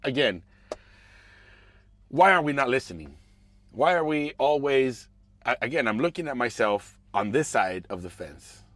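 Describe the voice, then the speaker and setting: A man hosting a podcast. He rants casually and profanely about politics, muttering one moment and shouting the next. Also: medium pitch, unhurried, long pauses. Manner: animated, profane, swings between mumbling asides and raised outbursts. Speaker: podcast host.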